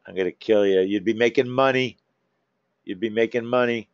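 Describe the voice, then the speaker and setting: A man's voice: on the low side, moderate pace, no echo. A man hosting a live trading room, talking casually to members by name, coaxing and teasing them. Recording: dull, dry lo-fi stream audio.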